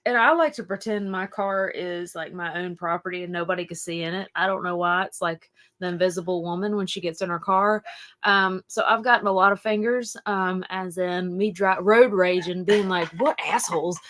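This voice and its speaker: A woman's voice: on the low side, fairly even intonation, moderate pace, fairly bright tone. A woman with an Appalachian accent, co-hosting a podcast and telling a rambling story in casual chat, full of fillers and acted quotes. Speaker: podcast co-host.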